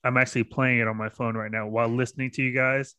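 Brief: easygoing male podcast co-host, halting delivery, dry close mic. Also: mid-range voice, level tone, bright, forceful tone, smooth, no echo. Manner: laid-back, hesitant with fillers. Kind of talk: casual movie-review chat.

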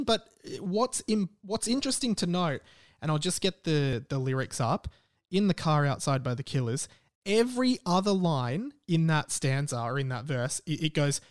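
A man's voice: fairly high pitch, expressive, normal speed. An Australian man hosting a podcast, chatting casually in a rambling, wry way and often correcting himself mid-sentence. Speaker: podcast host.

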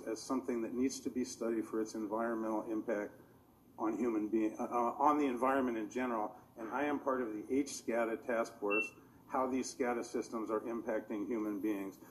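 A man's voice: medium pitch, slight background noise, low-quality recording. Earnest man rambling at a meeting. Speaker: public commenter. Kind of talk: public meeting testimony.

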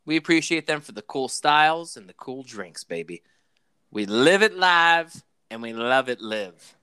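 A man co-hosting a casual wrestling podcast, excitable and profane, rambling on with loose chatter. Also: medium pitch, a little slow, smooth, no echo, studio quality. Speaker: podcast co-host.

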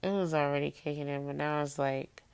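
In a dry, clean recording, a woman with a low, darkish voice speaks a little fast in a steady tone. She's vlogging from a small room while groggy on cold medicine, slurring and rambling her way through a casual monologue to camera.

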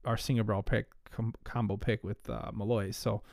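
A man's voice: lowish voice, flat delivery, normal speed, gravelly, darkish tone, dry recording, studio quality. A man hosting a casual whiskey podcast, rambling with frequent fillers and restarts, a little out of breath. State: slightly out of breath.

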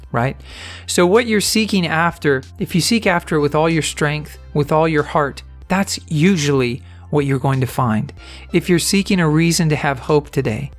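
Earnest, fairly high-voiced male podcast host. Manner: earnest, conversational, encouraging. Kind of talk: motivational podcast storytelling.

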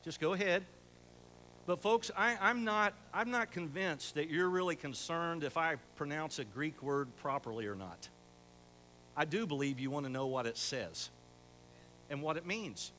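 Older pastor preaching in a hall. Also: male voice, on the high side, normal speed, sharp tone. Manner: folksy, rising to emphatic exhortation. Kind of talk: sermon. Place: church sanctuary. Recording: echoey church hall with faint hum.

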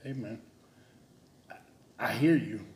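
A man's voice: mid-range voice, slow. Storytelling man in an echoey room. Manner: storytelling, animated, self-mocking. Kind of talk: casual faith talk.

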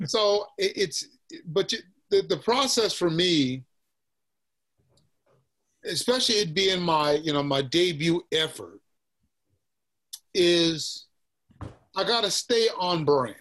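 A man's voice: high-pitched, expressive, takes it slowly, pauses often, a bit bright. Laid-back Texan man with a Southern accent. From Texas. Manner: laid-back, says "man" and "you know" often, laughs easily. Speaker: musician guest. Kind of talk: casual interview chat.

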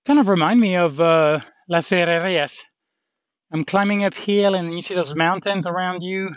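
A man's voice: high voice, no echo. Rambling man vlogging on a trail. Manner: rambling, halting, many fillers. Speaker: walking pilgrim vlogger. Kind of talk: casual walking vlog. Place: outdoors on a hilly trail. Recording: dull lo-fi with faint noise.

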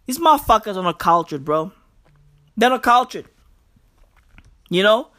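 A man ranting about the news in a profane, excitable comedic vlog, packed with slang. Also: high voice, measured pace. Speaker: vlogger.

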